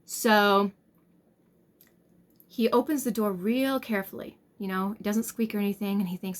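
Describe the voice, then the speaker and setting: A woman's voice: medium pitch, moderate pace. A young woman chatting casually to camera and telling a story, rambling with plenty of fillers. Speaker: tarot vlogger.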